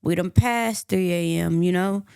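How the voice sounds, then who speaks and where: A woman's voice: fairly low pitch, unhurried, creaky, darkish tone, clear, resonant tone. A woman voicing a stressed woman suspect who keeps denying everything and complaining that she is tired and upset. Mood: defensive. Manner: defensive, complaining.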